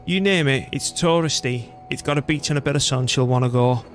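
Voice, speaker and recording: A man's voice: mid-range voice, a little fast, faint music behind. A middle-aged British man chatting and rambling casually while streaming a strategy game. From Britain. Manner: rambling, chatty, self-deprecating. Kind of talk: casual gameplay commentary.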